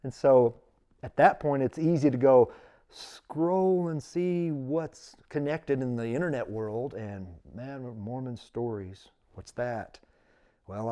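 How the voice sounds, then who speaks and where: A middle-aged man, a guest on an interview show, telling a personal story with earnest feeling and quoting his own thoughts aloud. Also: medium pitch. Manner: earnest, emotional, animated retelling with quoted inner thoughts.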